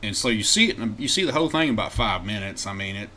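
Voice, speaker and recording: A man's voice: on the low side, rapid-fire, slight background noise. A man, co-hosting a podcast and telling a road-trip story in casual chat, acting out quotes. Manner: animated storyteller, acts out quotes loudly, laughs often. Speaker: podcast co-host.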